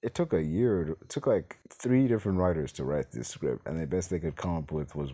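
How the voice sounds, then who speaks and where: A man's voice: extremely low pitch, a little fast, hardly any pauses, mellow, slightly rough. A man hosting a podcast, giving a casual movie review as an exasperated, rambling rant. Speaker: podcast host.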